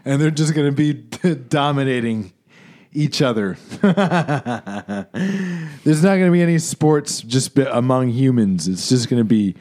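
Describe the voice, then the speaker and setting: A man's voice: mid-range voice, expressive, a little slow, darkish tone. A man co-hosting a comedy podcast, riffing with swearing and frequent laughter. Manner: laughing often, profane joking. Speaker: podcast co-host. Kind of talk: casual comedic banter.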